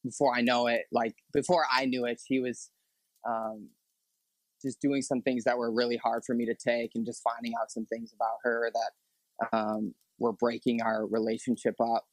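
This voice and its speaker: Young guy telling his story, flat voice, lots of ums, dry sound. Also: medium pitch, no echo, low-quality recording. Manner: halting, full of fillers and restarts. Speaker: podcast guest. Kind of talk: personal testimony in casual talk.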